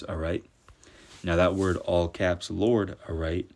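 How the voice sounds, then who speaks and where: Man, very low voice, preaching, slow verse reading, repeats "all right?". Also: fairly even intonation, a little mellow. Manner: peppers speech with "all right?"; reads verses slowly and deliberately. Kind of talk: scripture teaching.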